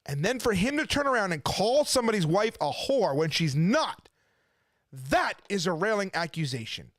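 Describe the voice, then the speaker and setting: A man with a high, animated voice rants indignantly from his kitchen at home. He keeps firing rhetorical questions in a loose, unscripted commentary. The sound is close and dry. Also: normal speed, no echo. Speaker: preacher and channel host. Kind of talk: casual ranting commentary.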